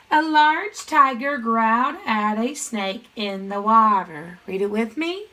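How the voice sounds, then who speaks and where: A woman teaching a grammar lesson, chanting sentence parts in quick questions and answers and speaking to students directly. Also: fairly high pitch, sharp tone, low-quality recording. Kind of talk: recorded classroom lesson.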